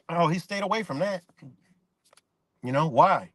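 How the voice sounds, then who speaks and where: A man's voice: sits high, animated, brisk, pauses often, fairly bright tone, dry recording. A man streaming live, delivering a rambling, profanity-laced rant in casual talk while reacting to chat comments.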